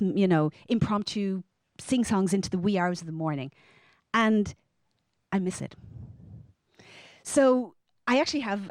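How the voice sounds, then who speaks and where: An Irish woman in her thirties tells a personal story to a live audience, animated and lively, acting out other people's lines with big jumps in pitch. Her voice is dry and close, with little room sound. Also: no echo. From Ireland. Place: stage before a live audience.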